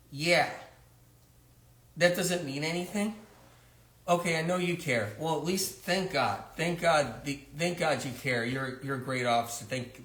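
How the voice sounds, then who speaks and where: A man's voice: on the high side, fairly bright tone. A man voicing a frantic new mother of newborn twins in a comedic phone sketch, tearful and indignant as she complains and pleads. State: tearful, near crying. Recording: roomy echo.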